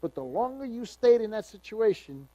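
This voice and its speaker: A man's voice: high-pitched, big pitch swings, normal speed, mellow, dry recording, low-quality recording. A man pastor teaching the Bible verse by verse in a conversational, emphatic way, telling personal stories.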